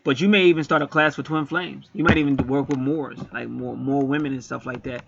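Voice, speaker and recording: A man giving a casual astrology reading, talking in an animated, repetitive and blunt way. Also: mid-range voice, fairly quick, creaky, muffled recording, background noise. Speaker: astrology and angel card reader. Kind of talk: casual spoken chart reading.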